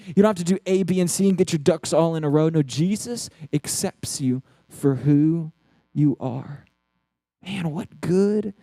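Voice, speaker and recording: A man with a high voice and a mellow, dark tone preaches a sermon. He talks earnestly and with animation, sometimes stumbling into quick restarts. The sound is dry and close. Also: dry recording. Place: church.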